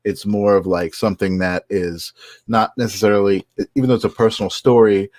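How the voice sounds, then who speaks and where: A man's voice: lowish voice, steady tone, a little fast, a little mellow, no room sound, studio quality. A man co-hosting a casual talk show, telling a personal story in an earnest, upbeat way. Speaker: podcast co-host. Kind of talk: casual conversation.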